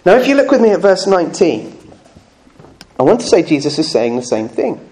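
A man preaching a sermon at a church service, earnest and conversational, with slow emphatic phrases and touches of humour. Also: high-pitched, very animated, darkish tone.

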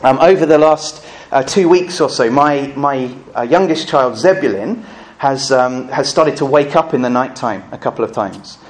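A man preaching a sermon, full of rhetorical questions and swinging between loud emphasis and hushed asides. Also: mid-range voice, normal speed, hardly any pauses. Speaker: pastor.

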